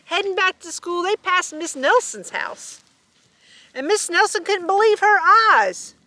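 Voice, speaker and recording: A woman reading a children's storybook aloud, animated and chuckling with asides. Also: very high-pitched, unhurried. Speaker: storybook reader.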